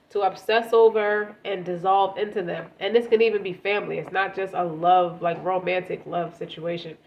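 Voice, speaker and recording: A woman's voice: medium pitch, lo-fi sound, a little hiss or hum. A woman with a congested, stuffy voice giving a casual tarot reading, talking straight to the listener and often repeating words as she goes. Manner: conversational, repeats words, speaks directly to the listener. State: congested from a cold. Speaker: tarot reader.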